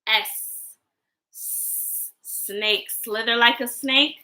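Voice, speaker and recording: A woman teaching young children over a livestream, playful and sing-song, acting out each word of an alphabet warm-up. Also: on the high side, drawn-out words. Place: home livestream.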